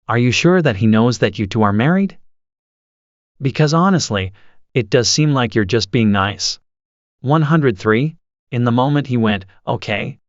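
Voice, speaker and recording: A man narrating forum posts aloud in an even, steady reading voice. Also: mid-range voice, no echo, dull audio.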